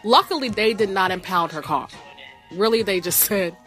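A woman telling a story in a casual, profane, animated rant, with sassy asides. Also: mid-range voice, moderate pace, faint music behind.

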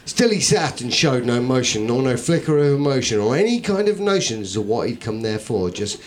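A man's voice: mid-range voice, sing-song, moderate pace, noisy background. A man performing a comic poem for a live audience, rhythmic, theatrical and wry. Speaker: comedian and performance poet.

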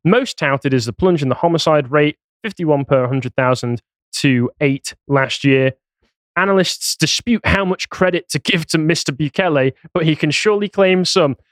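A man's voice: a little high, moderate pace, no echo, clean studio sound. A man co-hosting a casual podcast, reading news articles aloud and mocking them with sarcastic asides. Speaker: podcast co-host.

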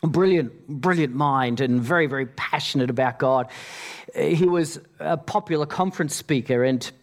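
Male pastor, sermon, slightly high voice, storytelling, repeats words. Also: normal speed.

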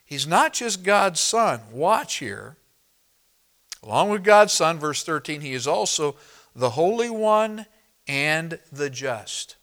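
Slow, bright-voiced man preaching emphatically. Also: on the high side, big pitch swings. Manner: emphatic, reads scripture slowly and deliberately; addresses congregation directly. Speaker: pastor. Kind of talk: expository sermon.

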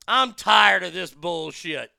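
A man's voice: high-pitched, lively intonation, slow, gravelly, pushed and bright, dry recording. A man hosting a show, reading news aloud and mocking it with crude, profane jokes and laughter. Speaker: show host. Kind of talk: crude comedic commentary.

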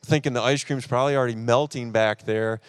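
A man's voice: medium pitch, fairly even intonation, quick pace, clear, resonant tone, dry recording, studio quality. A man, preaching at a church service and animatedly acting out his own frustration while telling a personal story. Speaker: pastor.

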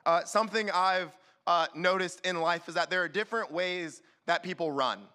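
A man preaching a sermon as youth pastor, animated and acting out quick little voices to the room. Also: high-pitched. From California.

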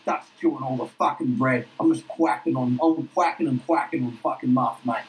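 A man putting on a crude, swaggering, foul-mouthed loudmouth. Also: mid-range voice, moderate pace, a little hiss or hum, pitched below the performer's own voice, lightly acted, poor audio. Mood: crude boasting. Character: crude brash loudmouth man called Duck.

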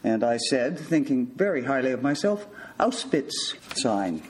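An older male physician giving a storytelling talk in a measured, wry manner. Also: mid-range voice, animated, darkish tone, low-quality recording.

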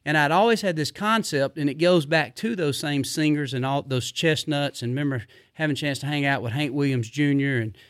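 A middle-aged man, telling rambling stories in a casual, animated way, full of fillers. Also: on the high side, a little fast, dry recording, clean studio sound. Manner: rambling, animated, drawling Southern speech with repeated fillers. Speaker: podcast guest. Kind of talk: casual storytelling.

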